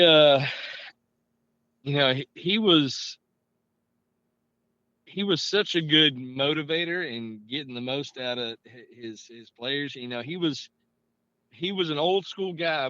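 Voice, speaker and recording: A man in his late thirties, a coach telling stories in a laid-back interview, with a bright, slightly tense voice. He fills his talk with "you know" and livens up as the stories build. The recording is dry and a little dull, like lo-fi. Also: on the high side, slow, dry recording. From Georgia, US. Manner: relaxed, leans on "you know", gets animated telling stories. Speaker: high school head football coach, guest. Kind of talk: casual interview storytelling.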